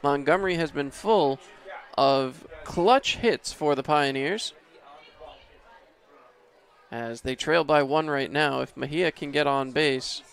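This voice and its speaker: A man's voice: fairly high pitch, takes it slowly, gravelly, fairly bright tone. A man calling baseball play-by-play from an outdoor ballpark booth, easygoing and chuckling, his voice rising sharply on big hits. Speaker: play-by-play announcer.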